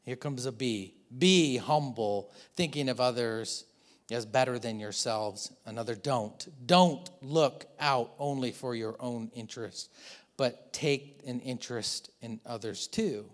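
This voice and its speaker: A man preaching a church sermon, animated and joking, acting out little asides as he goes. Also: mid-range voice, a little slow. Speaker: pastor.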